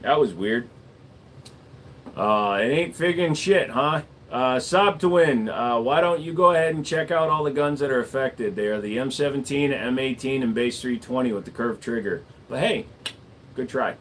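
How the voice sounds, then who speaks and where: A man's voice: mid-range voice, slight background noise. A man, a gunsmith, answering viewers in a casual livestream chat, laid-back and wisecracking, dragging out the ends of his words. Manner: laid-back, wisecracking, drawn-out word endings.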